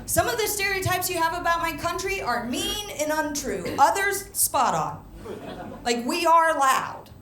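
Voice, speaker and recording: An American woman performing an animated stand-up comedy set on a stage microphone, switching into quick mimicry. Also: very high-pitched, crowd noise. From United States. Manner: brash, animated storytelling with mimicry. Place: comedy stage with live audience. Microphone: handheld stage microphone. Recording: echoey venue, audience noise.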